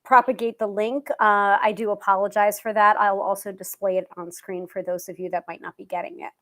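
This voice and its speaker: A woman's voice: mid-range voice, little pitch movement, fairly quick, fairly bright tone. Chatty woman hosting a live stream. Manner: chatty, many fillers and restarts. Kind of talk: casual live-stream talk.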